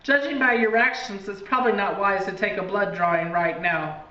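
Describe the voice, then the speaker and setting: A woman voicing a kind, concerned female nurse in a raised, soft voice. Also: mid-range voice, fairly even intonation, normal speed, lightly acted. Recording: distant, echoey, dull, faint hiss.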